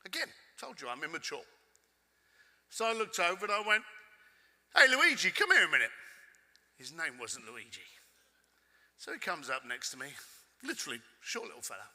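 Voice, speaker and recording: A man with a London accent telling a cheeky, animated story to a conference audience, swearing casually. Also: fairly high pitch, brisk, pauses often. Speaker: keynote speaker. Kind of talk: storytelling keynote. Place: conference hall stage with audience. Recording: echoey hall with long reverb.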